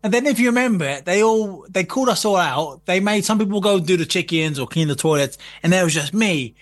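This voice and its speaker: A man telling a story in casual chat, animated and laughing, with plenty of swearing. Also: sits high, a little fast.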